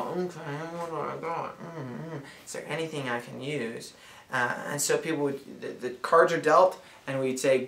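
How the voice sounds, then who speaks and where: A man's voice: mid-range voice, fairly bright tone, slight background noise. Playful, rambling man in a roomy echo. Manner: rambling, playful, full of fillers. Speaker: game explainer. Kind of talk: casual demonstration.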